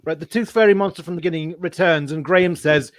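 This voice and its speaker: A man's voice: a little high, fast, dry recording. Agreeable man with a dry, close sound. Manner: agreeable, frequent short affirmations, wry. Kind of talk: casual chat.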